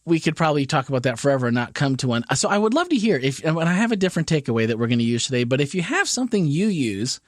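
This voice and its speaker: A man's voice: a little high, sing-song, racing, hardly any pauses, no room sound, studio quality. A man hosting a casual church podcast, musing aloud in a thoughtful, rambling way with frequent restarts. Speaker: podcast host.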